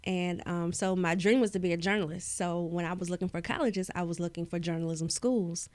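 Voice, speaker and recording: A woman's voice: lowish voice, steady tone, fairly quick, darkish tone, dry recording. A young woman from Maryland, a public speaking coach, telling her story in a casual interview with careful, articulate diction. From Maryland, USA.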